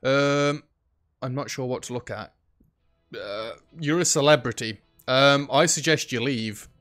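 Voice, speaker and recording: Guy doing a chatty let's play, mid pitch, soft game music behind. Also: a little slow. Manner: chatty, jokey, talks to game customers. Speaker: gaming YouTuber.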